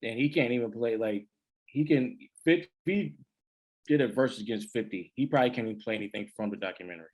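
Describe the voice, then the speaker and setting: A man's voice: medium pitch, fast, darkish tone. A man co-hosting a podcast in casual chat, with dry, scoffing banter and speech. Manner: dry, scoffing banter that calls out tall tales. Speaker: podcast co-host.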